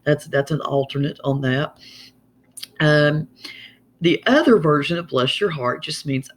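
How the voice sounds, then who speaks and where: A man's voice: a little high, husky. A man from Southern Appalachia with a twangy Southern Appalachian accent, chatting casually as he explains regional sayings. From Southern Appalachia, USA. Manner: chatty, folksy, drawn-out twang.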